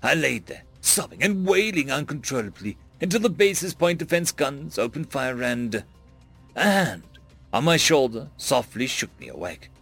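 This male narrator has a gravelly, husky, mid-pitched voice and speaks at normal speed over faint music. Telling a tense story in the first person with lively, rising-and-falling delivery, he voices the characters' panicked shouts with big jumps up in pitch for the frantic quoted lines.

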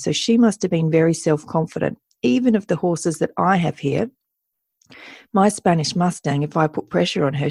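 A woman's voice: fairly low pitch, warm tone, no room sound, clean studio sound. A woman talking in a thoughtful, earnest way in casual conversation, sometimes acting out how animals react.

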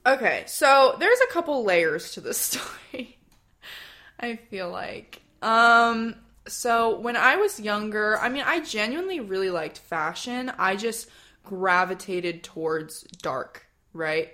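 Young woman, podcast host, casual storyteller; bright, animated delivery, laughs and swears. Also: medium pitch, slow pace. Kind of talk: casual chat.

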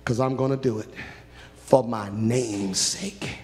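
A man preaching, voicing God speaking slowly and weightily, in a reverberant hall. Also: mid-range voice, steady tone, darkish tone, pitched below the performer's own voice. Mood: solemn. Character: God, stern mighty father speaking.

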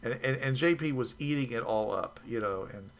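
A man in casual chat about tabletop games, rambling and halting with many restarts. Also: medium pitch.

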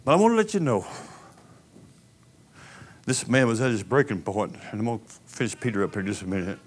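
A man preaching a sermon, telling a story as he swings from hushed to loud. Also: fairly low pitch, lively intonation, brisk, breathy edge. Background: piano music.

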